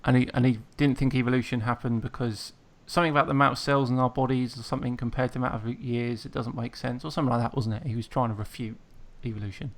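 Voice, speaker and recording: A man hosting a loose live-stream chat, his voice gravelly with a bit of fry. He laughs easily and doubles up his words as he goes. The pitch sits in the middle for a man. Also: fairly even intonation, fast, hardly any pauses. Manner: laughs often, repeats words as he talks. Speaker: host.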